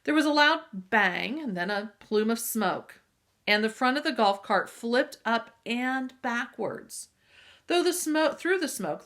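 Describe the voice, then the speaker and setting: A woman reading a children's adventure novel aloud with lively storytelling and occasional asides to listeners. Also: fairly high pitch. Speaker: reader.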